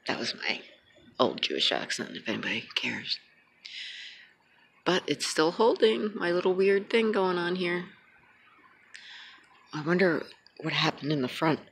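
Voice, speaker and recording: A woman vlogging casually outdoors at night, chatting in a rambling, sometimes hushed way. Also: deep voice, slight background noise. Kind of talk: casual chat.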